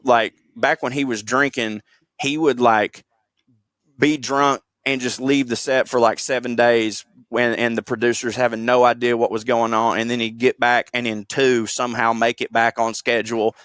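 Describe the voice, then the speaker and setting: A man of middle pitch holds forth on a podcast, rambling through a story with casual swearing and self-deprecating asides. His voice is recorded close and dry, with no room echo at all. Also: fairly bright tone. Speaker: podcast co-host presenting history segment.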